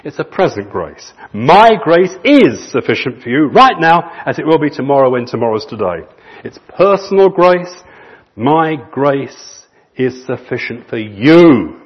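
A man preaching a sermon in an earnest manner, stretching key phrases slowly for emphasis. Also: mid-range voice, sing-song, slightly rough. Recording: muffled lo-fi recording.

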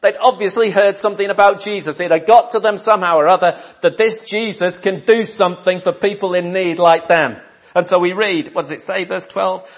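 A man with a fairly high voice preaches to his congregation in a relaxed, conversational way. He asks the room questions, then repeats his key phrases for weight. The recording sounds dull and lo-fi. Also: fairly quick. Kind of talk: sermon.

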